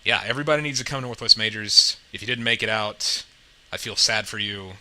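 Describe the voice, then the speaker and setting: A man's voice: on the low side, fairly quick, bright, forceful tone, poor audio. A man hosting a casual podcast, chatty and upbeat, often tagging his sentences with "right?". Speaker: podcast host.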